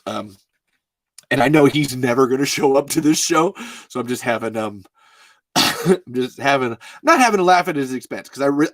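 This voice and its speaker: A man's voice: medium pitch, a bit bright, no echo. A man hosting a show, chatting casually in a rambling way, often swearing and laughing. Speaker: host. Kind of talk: casual chat.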